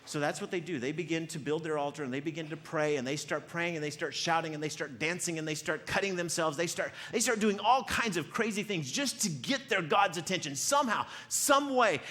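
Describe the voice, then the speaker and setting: A male pastor preaching a sermon, retelling a story with lively acted-out quotes and frequent repeated words. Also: a little high, brisk. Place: church.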